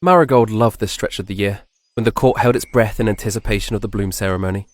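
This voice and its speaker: A man narrating a fantasy story in a measured, soft-spoken, descriptive scripted style. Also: on the low side, no echo.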